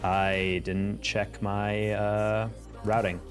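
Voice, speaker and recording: Low-voiced young man streaming. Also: level tone, very slow, faint music behind. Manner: chatty, reacts to gameplay and reads chat aloud. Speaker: game streamer. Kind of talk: casual live-stream chat while gaming.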